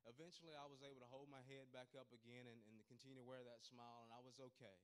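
A man's voice: medium pitch, flat delivery, fast talker, clean tone. A man, a pastor, delivering an informal sermon testimony, talking conversationally with many fillers and restarts.

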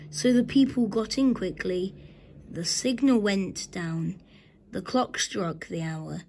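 A woman reading a children's story aloud in a slow, gentle storybook manner. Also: medium pitch, a little hiss or hum.

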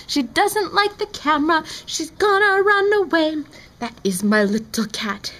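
A woman's voice: very high-pitched, expressive, measured pace, a bit bright, rough recording. A young woman chatting casually in a home vlog, playful and goofy, slipping into sing-song. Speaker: vlogger. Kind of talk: casual vlog with silly made-up songs. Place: indoors at a window at home. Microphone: camera mic.

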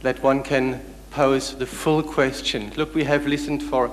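Polite, persistent questioner in a hall. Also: male voice, medium pitch, level tone, a little slow, slight background noise. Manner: polite but persistent, formally addresses the chair. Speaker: audience member asking a question. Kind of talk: questioning a speaker at a public lecture. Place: large lecture hall. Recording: long hall reverb.

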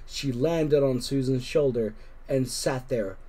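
A man reading a children's storybook aloud with gentle, expressive narration. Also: medium pitch, slow. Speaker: storybook reader. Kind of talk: children's book read-aloud.

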